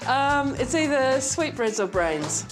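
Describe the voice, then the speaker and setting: Friendly woman guest, lively voice. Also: high-pitched, slow pace, music in the background. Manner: friendly, laughs easily. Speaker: cooking show contestant guest. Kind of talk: casual on-air chat.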